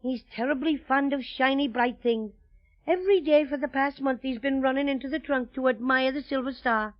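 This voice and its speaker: A man's voice: very high voice, moderate pace. An actor playing a small, friendly male teddy bear with an Irish accent in an old radio drama, with a lilting, cheery way of talking. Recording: dull old radio recording.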